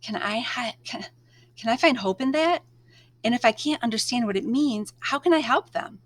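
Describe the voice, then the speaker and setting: A woman reading a novel aloud, narrating in the first person at a measured, expressive pace. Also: a little high, no echo. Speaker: read-aloud storyteller.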